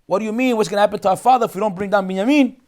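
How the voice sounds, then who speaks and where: A man's voice: high voice, racing, darkish tone, voice pushed up, close to an everyday voice. A man voicing a stern ruler who accuses his brothers, in a retold story. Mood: accusing.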